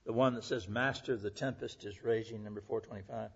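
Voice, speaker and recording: Husky guy preaching a sermon, earnest, goes loud then soft, muffled lo-fi recording. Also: fairly low pitch, fairly even intonation, fairly quick, few pauses. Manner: earnest, emphatic, swings between loud and hushed. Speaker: pastor. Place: church service.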